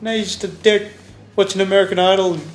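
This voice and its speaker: A man's voice: high voice, level tone, quick pace, voice pushed up, close to an everyday voice. A man voicing a whiny, complaining son. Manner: whining, complaining. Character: whiny starving adult son, male. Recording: roomy with faint music.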